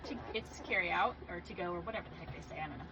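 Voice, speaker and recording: A woman in casual chat on a podcast, telling animated stories and laughing often. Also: on the low side, racing. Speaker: podcast guest. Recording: dull lo-fi sound with clear background noise.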